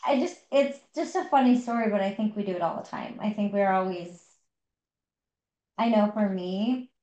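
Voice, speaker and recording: A woman's voice: medium pitch, a little mellow, roomy sound, dull audio. A woman co-hosting a podcast, chatting casually about a book with lots of fillers and restarts. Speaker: podcast co-host. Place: home.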